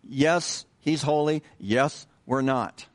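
A man preaching a sermon in a conversational way, pausing with fillers and restarting his sentences, and asking the listeners questions. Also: mid-range voice. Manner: unhurried, repeats himself with many fillers and restarts; conversational, asks the congregation questions. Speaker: pastor.

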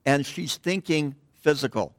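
A man's voice: on the high side, unhurried, no echo, studio quality. Digressive middle-aged man preaching. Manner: digressive, drops to a hush at phrase ends. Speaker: pastor. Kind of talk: conversational sermon. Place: church.

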